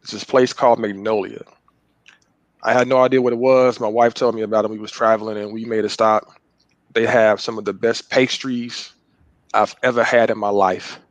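A man's voice: on the low side, flat delivery, normal speed, no echo. A man on a casual podcast, giving enthusiastic recommendations with slang. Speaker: podcast co-host. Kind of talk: casual chat among friends.

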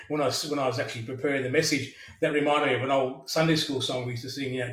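A man's voice: mid-range voice, fairly even intonation, quick pace, a bit bright. A middle-aged man preaching a sermon, earnest, often repeating words as he restarts. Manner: earnest, frequent stammered restarts. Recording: echoey room, mic at a distance.

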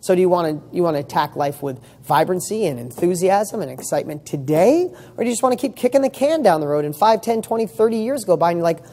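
Talking fast with few pauses, a man coaches real estate students through a motivational speech in a high-pitched, dark-toned voice with lively intonation. He's emphatic, throws out rhetorical questions and swears casually.

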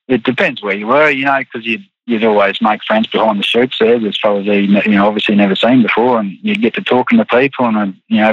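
A man's voice: mid-range voice, dry recording, muffled recording. An Australian man, a rodeo rider, chatting in an interview in a laid-back, rambling way full of restarts. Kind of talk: casual interview chat.

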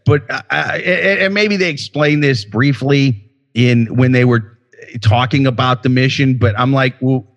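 A man's voice: medium pitch, moderate pace, lo-fi sound. A young man co-hosting a podcast in casual chat, profane and rambling, with many restarts and fillers. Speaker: podcast co-host.

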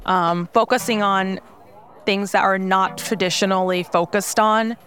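A woman's voice: mid-range voice, fairly even intonation, measured pace, fairly bright tone. Young Korean-born woman, light accent, chatty founder interview, mid-range voice, faint music bed. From South Korea. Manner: chatty, many fillers, laughs often. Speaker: startup founder, interview guest. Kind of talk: casual interview talk.

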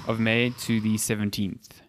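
A man's voice: fairly low pitch, level tone, slow pace, dry recording, studio quality. Jokey casual male podcast co-host. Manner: jokey, swears casually, laughs often. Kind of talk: casual gaming chat.

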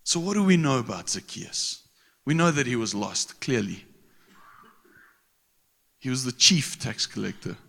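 A man's voice: mid-range voice, sing-song, unhurried, vocal fry, pauses often, bright, forceful tone, in a large hall. A man preaching a sermon in a casual, slangy way, with frequent restarts.

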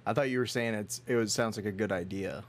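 A man hosting a casual beer tasting chat, joking and easily excited. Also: fairly low pitch, fast talker. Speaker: host.

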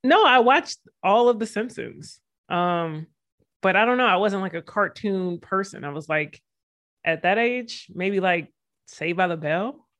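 A woman's voice: mid-range voice, lively intonation, measured pace, fairly bright tone. A woman co-hosting a casual sports podcast, chatty and digressive, joking as she goes. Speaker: podcast co-host.

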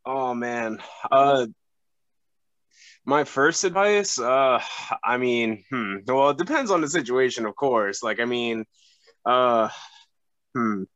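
A young man chatting on a podcast as a guest, halting and full of fillers and restarts. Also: mid-range voice, fairly bright tone, dry recording, highs cut off. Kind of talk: casual podcast chat.

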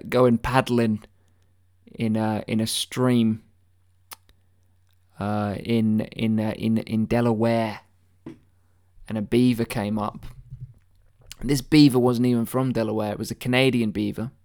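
A man delivering a deadpan satirical conspiracy monologue, mock-earnest and rambling, with stammered restarts and swearing. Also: medium pitch, measured pace, long pauses, clear, resonant tone.

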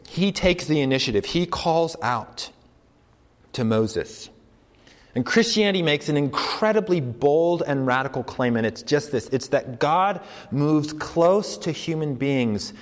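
Male preacher, slightly higher voice, earnest conversational sermon, long hall reverb. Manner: conversational, earnest, slows down for emphasis. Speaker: campus preacher.

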